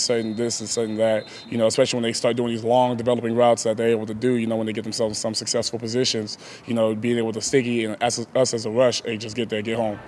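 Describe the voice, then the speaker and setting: A man's voice: mid-range voice, a little mellow, a little hiss or hum. A young man, a pro football player, answering press questions casually, laughing often and leaning on "like" and "you know".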